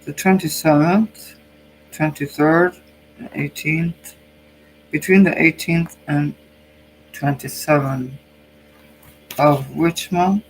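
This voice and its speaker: Slow-talking Norwegian man with a cold. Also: fairly high pitch, steady tone, a little hiss or hum, poor audio. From Norway. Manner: musing, hesitant, thinks aloud. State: has a cold. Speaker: psychic channel host. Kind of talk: tarot card reading.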